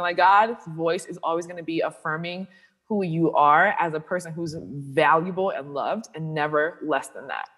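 A woman sexuality coach, interviewed as a guest, talks candidly with a low pitch and moderate pace. Her storytelling is lively, and she mimics the voices of the people she's quoting.

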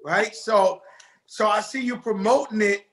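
A man with a New York accent, a guest chatting on a video call in a lively, streetwise way. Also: sits high, measured pace. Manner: animated, laughing, streetwise slang. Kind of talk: casual video call interview.

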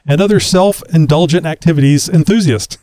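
A man's voice: a little high, normal speed, mellow, no echo. A man from Texas hosting a casual podcast interview, chatty with frequent laughs and fillers. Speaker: podcast host.

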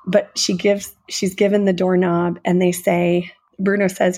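A woman's voice: fairly low pitch, level tone, measured pace, a little mellow. A woman co-hosting a podcast, earnestly and emotionally retelling a film in casual conversation. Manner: earnest, emotional storyteller who gushes. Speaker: podcast co-host.

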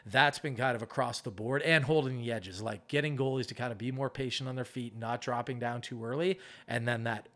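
Speaking briskly with few pauses, a middle-aged man who coaches goalies describes his methods in a relaxed interview. His mid-range voice stays animated as he acts out arguments.

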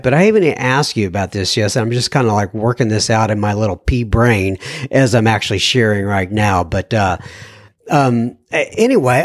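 A man's voice: medium pitch, no room sound, studio quality. A man hosting a podcast, reading listener messages aloud in a casual, chatty way, thinking aloud with fillers and self-corrections.

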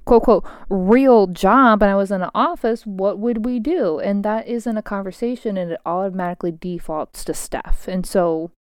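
A woman's voice: medium pitch, moderate pace, hardly any pauses, darkish tone, clean tone, no echo, studio quality. A woman in her thirties talking frankly at her home desk, venting in a casual solo monologue and swearing freely.

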